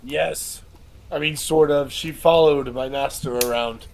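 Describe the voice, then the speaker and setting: A man's voice: on the high side, fairly even intonation, unhurried, vocal fry. A man playing a tabletop game, talking in a casual, joking, laid-back way. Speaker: player.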